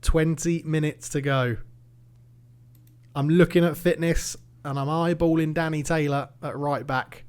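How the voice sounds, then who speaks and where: A gaming YouTuber gives live, play-by-play commentary on his football management game in a fairly high, smooth voice at a measured pace. Anxious over every attack, he mutters while fretting, then breaks into an eager, excited shout when the play turns.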